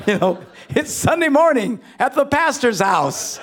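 A middle-aged male pastor tells comic stories from the pulpit with a high, gravelly voice. His delivery swings widely between loud bursts and quiet asides. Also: animated, unhurried, long pauses. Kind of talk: humorous storytelling sermon.

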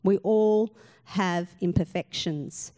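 A woman's voice: mid-range voice, takes it slowly, warm tone. A woman pastor, giving an earnest sermon full of rhetorical questions and emphatic repetition.

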